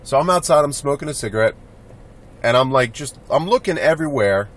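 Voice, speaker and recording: A man's voice: medium pitch, lively intonation, brisk, slight background noise. A young man talking casually in a rambling, blunt vlog monologue, swearing freely. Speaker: vlogger.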